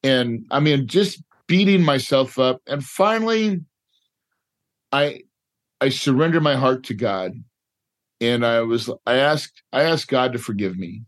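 A man's voice: mid-range voice, lively intonation, unhurried. A middle-aged man, a podcast guest, telling a personal story in an emotional, repetitive way, often tagging lines with "right?" and "dude". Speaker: podcast guest, real estate investor. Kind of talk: candid storytelling interview.

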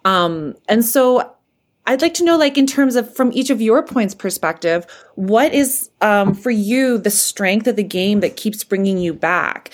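A woman guest asks a long, winding question and hunts for her words as she goes. She sounds casual and a bit hesitant. Her pitch sits in the middle of the range. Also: lively intonation, measured pace. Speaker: listener guest asking questions. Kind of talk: casual chat.

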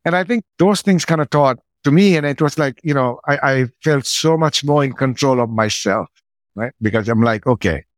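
A middle-aged man, a podcast guest, telling a personal story in a relaxed conversational way and acting out his own side of past conversations. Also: mid-range voice, dry recording.

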